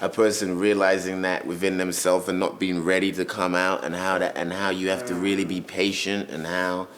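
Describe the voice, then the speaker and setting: A man on a roundtable panel, speaking in a halting, reflective way with many restarts in candid conversation. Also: low-pitched, level tone, a bit bright.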